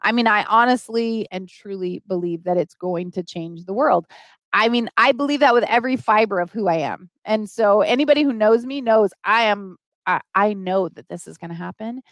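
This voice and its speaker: A woman's voice: mid-range voice, normal speed, no echo. A middle-aged woman hosting a live stream, earnestly pleading with viewers for help and greeting them by name as she talks.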